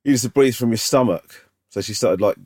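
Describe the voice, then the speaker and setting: A man's voice: medium pitch, fairly quick, darkish tone, no room sound. A man co-hosting a podcast, teasing his friend in casual, dry banter. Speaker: podcast co-host. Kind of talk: casual chat.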